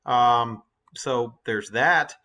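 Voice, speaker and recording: Man, teacher, bright forceful voice, explaining poetry, talks things through with many fillers. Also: mid-range voice, drawn-out words. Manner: talkative, thinks aloud with fillers and restarts. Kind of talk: classroom lecture with poem reading.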